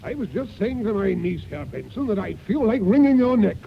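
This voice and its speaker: A man's voice: high voice, big pitch swings, normal speed, creaky, full character voice. A man playing a brusque, bossy older colonel who barks his orders in an old radio play. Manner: blustering and brusque, barking orders. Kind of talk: 1940s radio acting. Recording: muffled old radio recording with faint hiss.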